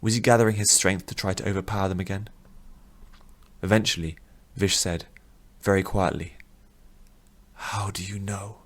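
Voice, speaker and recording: Male narrator, very deep voice, steady fantasy audiobook reading. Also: a little fast.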